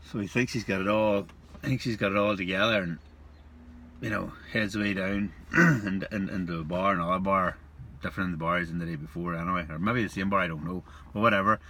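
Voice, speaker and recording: A man hosting a casual vlog, telling a joke and rambling in a relaxed way. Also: low-pitched, fairly quick, a little hiss or hum. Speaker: pipe-smoking channel host.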